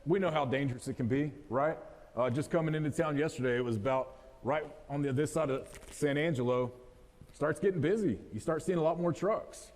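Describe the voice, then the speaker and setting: A man's voice: fairly high pitch, fairly quick, a little mellow. A man in his thirties from West Texas with a West Texas accent, giving a joking, folksy motivational talk straight to a live audience. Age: 30s. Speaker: motivational speaker. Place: event hall, live audience. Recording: long hall reverb.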